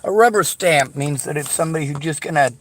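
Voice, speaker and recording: A man's voice: fairly high pitch, fast, fairly bright tone. A man delivering a sarcastic, profanity-laced rant straight to his audience. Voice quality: sarcastic, combative. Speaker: vlogger. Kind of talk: angry profane rant to camera.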